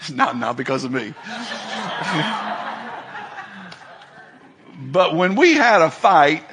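A man's voice: on the high side, sharp tone, slightly rough. A middle-aged male preacher giving a folksy sermon, telling stories and acting out the people in them. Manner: folksy storytelling, acts out quoted voices, laughs often.

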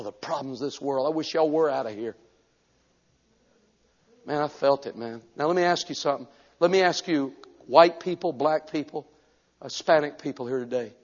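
A man preaching a sermon as an evangelist, telling a story animatedly and breaking into sudden shouts. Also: a little high. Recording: echoey hall, dull lo-fi sound.

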